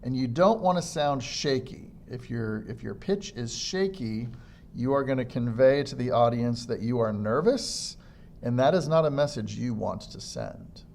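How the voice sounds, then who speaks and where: A man's voice: sing-song, a little slow, vocal fry, darkish tone, a little hiss or hum. A man teaching a lesson on public speaking, demonstrating good and bad delivery as he explains. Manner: demonstrates faults by mimicking them, varied pitch and pace. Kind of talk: instructional lecture on public speaking.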